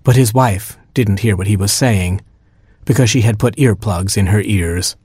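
Male storyteller reading a comic tale aloud, dry and wry, husky tone, close dry sound. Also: fairly low pitch, moderate pace, a little mellow, dry recording.

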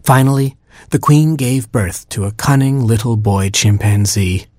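A man's voice: mid-range voice, measured pace, darkish tone, no room sound. A man reading a comic story aloud in a dry, wry storytelling manner.

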